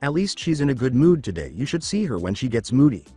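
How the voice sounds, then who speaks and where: A man voicing a calm, dreamy young female ninja in a fan storybook reading. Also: mid-range voice, fast, slightly rough, faint music behind.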